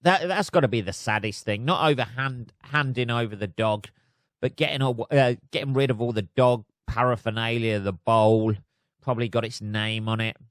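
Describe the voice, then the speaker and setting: A man's voice: medium pitch, normal speed, no room sound, studio quality. A man hosting a solo podcast, reading news aloud and riffing on it in a sweary, sardonic way. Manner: sweary, sardonic, laughs at his own jokes. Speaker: podcast host.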